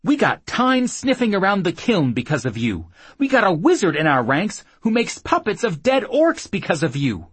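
Male narrator doing a fierce woman biker-outlaw, high, shouted, husky edge, dry read. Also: huge pitch swings, normal speed, hardly any pauses, no room sound, exaggerated voice. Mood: furious. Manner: shouting, accusing, high and loud. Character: fierce young woman outlaw rider, furious.

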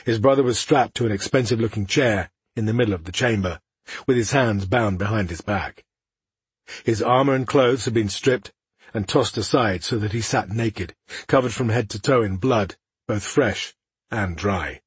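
A man with a husky voice reading a fantasy audiobook in steady, measured narration. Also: on the low side, no room sound.

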